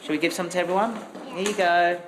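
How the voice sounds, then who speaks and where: A father gently coaxing and calming his small child at home. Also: high voice, quick pace. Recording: noisy home recording.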